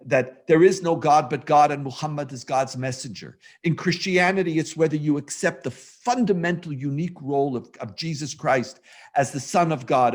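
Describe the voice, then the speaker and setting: A man who is a rabbi, giving a humorous storytelling lecture over a video call in an animated, self-mocking way. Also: on the high side.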